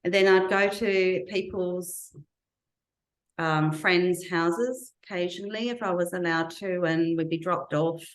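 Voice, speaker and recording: A woman with a low voice tells her own story earnestly in an interview, slowly building up remembered details. The sound carries a noticeable echo from the room around her. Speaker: interview guest. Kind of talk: personal testimony in an interview.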